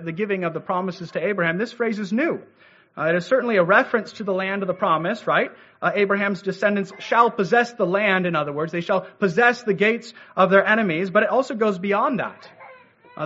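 A male pastor delivers a teaching sermon in a fairly high voice. He speaks in a measured way, sprinkling in "uh" and rhetorical "right?" checks. The recording sounds dull and lo-fi. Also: fairly bright tone, slightly rough. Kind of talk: expository sermon. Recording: dull lo-fi audio.

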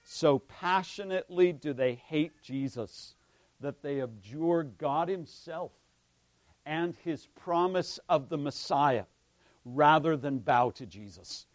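A man preaching a sermon, building to loud emphatic passages and dropping to hushed tones, often checking in with a "right?". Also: fairly high pitch, slow, no room sound. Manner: preaching with swells of emphasis and sudden hushed drops; frequent "right?" asides to the congregation. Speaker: pastor.

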